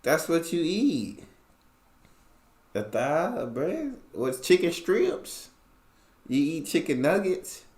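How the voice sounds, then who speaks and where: A man's voice: fairly high pitch, very animated, slow pace, long pauses, a little mellow, roomy sound. An American man hosting a reaction video, chatting playfully and laughing with a colloquial manner. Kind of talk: casual reaction chat.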